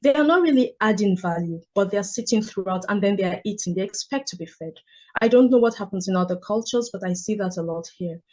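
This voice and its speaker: Woman, author, measured, reflective storytelling, book club talk. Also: mid-range voice, animated, darkish tone. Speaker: author and guest.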